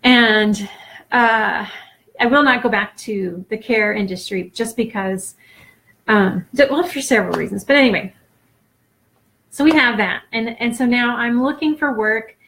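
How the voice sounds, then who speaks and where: A woman in her forties talking off the cuff to a camera, halting and earnest, close to tears, with many fillers and restarts. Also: on the high side, a bit bright. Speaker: vlogger. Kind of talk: unscripted personal talk to camera.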